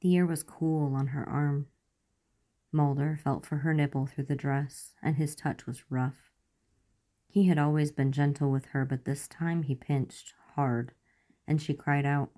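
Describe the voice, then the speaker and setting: A woman narrating romance fan fiction aloud in a measured, soft storytelling manner. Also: low-pitched, steady tone.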